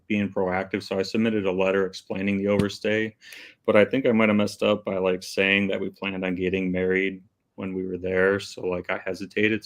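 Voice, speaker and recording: A hesitant male caller with a very deep voice. He speaks in a flat, level tone and fills his sentences with "like" and "kinda". His story comes out in halting bits. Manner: hesitant, many fillers like "like" and "kinda". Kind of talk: call-in question.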